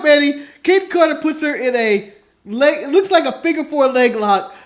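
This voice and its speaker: A man's voice: very high-pitched, a bit bright. A man from the United States, a podcast co-host chatting casually, joking and laughing through his talk. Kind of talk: casual chat.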